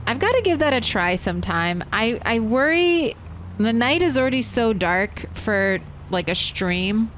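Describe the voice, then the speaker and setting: A woman's voice: on the high side, lively intonation, measured pace, a bit bright, a little hiss or hum. A woman streaming a survival game, chatting casually and answering her chat as she plays. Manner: chatty, reads and answers chat while playing.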